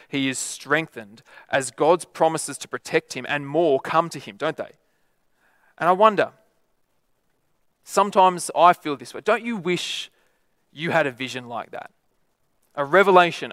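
A man's voice: a little high, a bit bright, no echo, clean studio sound. Man preaching a chatty sermon. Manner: conversational, rhetorical tag questions.

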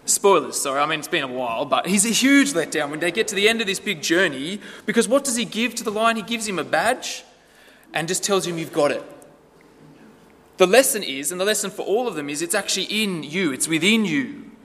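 A man's voice: on the high side, expressive, fairly quick, fairly bright tone. A man preaching a sermon in a conversational way, asking the listeners rhetorical questions. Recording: long hall reverb.

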